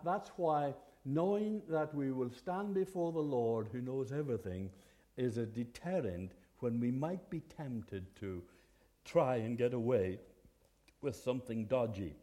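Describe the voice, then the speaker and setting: A man's voice: mid-range voice, lively intonation, measured pace, mellow. A man preaching a sermon in an earnest, conversational way, with hesitant restarts. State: occasional cough.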